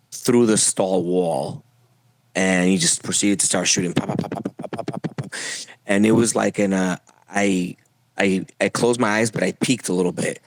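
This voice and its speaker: A young adult man from Puerto Rico telling his own story as a podcast guest, halting with frequent fillers and restarts. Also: low-pitched, gravelly, no room sound. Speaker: interview guest. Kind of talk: personal testimony.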